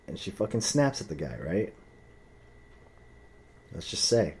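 A man's voice: sits low, sing-song, unhurried, pauses often, a little mellow, husky. A young man in a casual, profane, heated monologue, telling a story and acting out the voices of the people in it.

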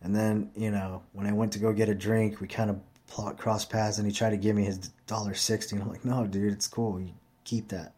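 A tired man with a slightly low voice talks straight to his viewers. He rambles and curses freely as he tells a story from his own life, in a casual and plainspoken way. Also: little pitch movement, a little fast, hardly any pauses, warm tone. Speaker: vlogger.

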